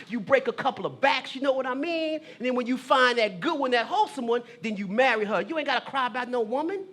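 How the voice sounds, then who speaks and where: A man's voice: very high-pitched, fairly bright tone, full character voice. A man voicing a stern old-school father who bluntly lectures his teenage son. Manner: gruff, blunt, dismissive.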